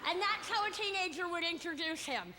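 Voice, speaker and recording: High-voiced woman hosting a comedy night. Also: lively intonation, brisk, pushed and bright. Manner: mocking, valley-girl filler. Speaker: comedy show host. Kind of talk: stand-up introduction. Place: comedy club stage. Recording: echoey live venue with background noise.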